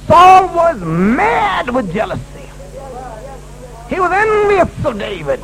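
A man's voice: very high voice, very animated, slow, pauses often, a bit bright, poor audio. A man preaching a sermon at a church service, emphatic and repetitive, restating his key lines.

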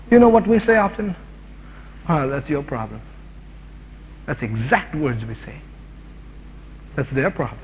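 A man teaching a sermon on a Bible passage, animated and rising to shouted exhortations. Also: high-pitched, slightly rough. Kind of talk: expository sermon. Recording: long hall reverb.

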